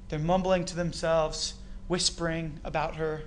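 A Canadian man preaching a sermon, retelling a story with rhetorical questions and lively emphasis. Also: on the high side, unhurried, slight background noise. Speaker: pastor.

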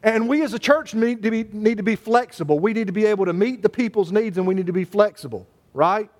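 Male pastor, high voice, folksy preaching, jokes with the congregation. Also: fast talker. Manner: folksy, joking, addresses congregation by name. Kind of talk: sermon.

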